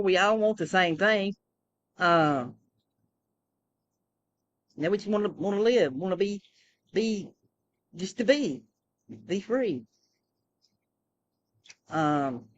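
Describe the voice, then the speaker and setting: A woman's voice: fairly low pitch, dull audio. A woman rambling through a casual personal monologue, full of fillers and restarts. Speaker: vlogger.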